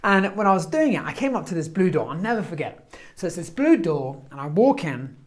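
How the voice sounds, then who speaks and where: A man giving a motivational talk, telling stories in an animated, quick way and acting out what people said. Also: high-pitched. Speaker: motivational speaker.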